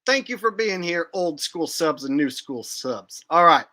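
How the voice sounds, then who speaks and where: A man's voice: a little high, expressive, measured pace, sharp tone. Brash joking man hosting a livestream. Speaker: livestream host. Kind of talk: casual livestream chat.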